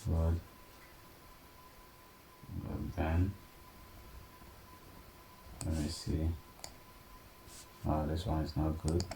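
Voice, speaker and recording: Slow deep-voiced man explaining a design tutorial. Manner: steady step-by-step explaining, frequent "okay?" check-ins. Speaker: software tutorial instructor. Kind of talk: screen-recorded tutorial narration. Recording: echoey room, faint background noise.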